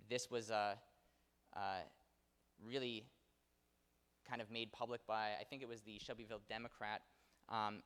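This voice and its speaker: Low-voiced man lecturing in a hall. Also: fairly bright tone. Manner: conversational with frequent fillers and self-corrections. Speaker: local history lecturer. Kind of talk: public history lecture. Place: theater auditorium. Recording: long hall reverb.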